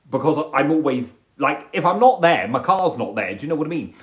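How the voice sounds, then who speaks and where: A man's voice: fairly high pitch, very animated, moderate pace, few pauses. A man riffing in a casual, jokey, self-deprecating monologue on a live stream. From England. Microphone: phone or webcam on a live stream.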